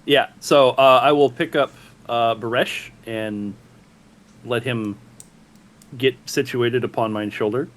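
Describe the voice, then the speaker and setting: A man playing a tabletop game on a stream, deliberate and careful about the rules. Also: medium pitch, steady tone. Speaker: player.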